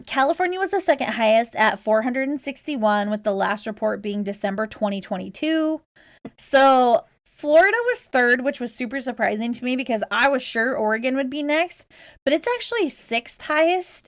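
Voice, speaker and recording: A woman's voice: a little high, animated, moderate pace, no room sound, clean studio sound. A woman co-hosting a casual podcast, chatty and laughing often, reading out research with fillers. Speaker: podcast co-host.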